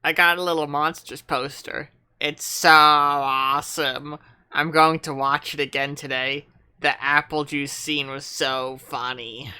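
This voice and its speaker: A man's voice: on the high side, flat delivery, measured pace, pushed and bright, clean tone. A man streaming, chatting casually and goofily while reading a webcomic aloud, laughing often. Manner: goofy, joking, laughs often. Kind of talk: casual read-along chat.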